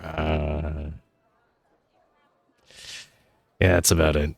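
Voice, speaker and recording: A man doing a hesitant soft-spoken dad. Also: very deep voice, flat delivery, gravelly, dry recording, voice pushed down, exaggerated voice. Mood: mild. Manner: halting, slow, soft-spoken, telepathic speech. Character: hesitant polite father dining with his family.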